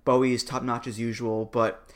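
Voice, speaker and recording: A man's voice: medium pitch, little pitch movement, normal speed. A man co-hosting a podcast, giving wry, joking opinions in casual chat. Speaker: podcast co-host.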